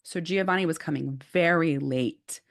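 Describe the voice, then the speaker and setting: A woman co-hosting a podcast, telling a story in casual chat with lively, animated delivery and plenty of filler "like"s. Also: sits low, moderate pace, vocal fry. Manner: animated, acts out quotes, says "like" often. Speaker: podcast co-host.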